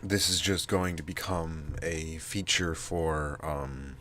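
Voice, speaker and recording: A man with a nasal, stuffy voice and heavy breathing, rambling casually to his channel with many pauses and restarts. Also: extremely low pitch, steady tone, sharp tone, slight background noise. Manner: halting, many fillers and restarts. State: stuffy from allergies. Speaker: channel host.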